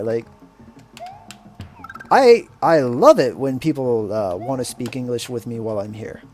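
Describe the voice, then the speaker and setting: Unhurried rambling man over game music. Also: mid-range voice, lively intonation. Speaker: streamer and English teacher. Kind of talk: casual chat while playing a game. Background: faint video game music.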